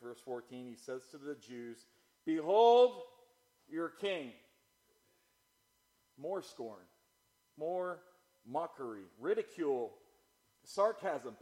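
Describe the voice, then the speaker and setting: A man preaching a sermon, moving from loud, declaiming passages to low, quiet asides as he reads and explains scripture. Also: poor audio. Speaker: pastor.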